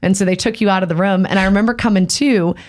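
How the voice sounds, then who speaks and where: A woman's voice: mid-range voice, quick pace, darkish tone, slight background noise. A woman in her thirties talking candidly and animatedly with her husband, laughing as she retells hard times. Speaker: podcast guest, host's wife. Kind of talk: casual conversational storytelling.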